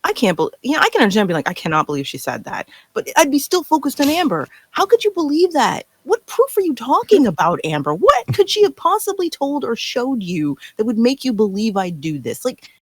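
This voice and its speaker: A woman co-hosting a fan podcast, talking in an animated, exasperated way and acting out characters' lines. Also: a little high, brisk, hardly any pauses, husky. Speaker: podcast co-host. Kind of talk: casual fan discussion.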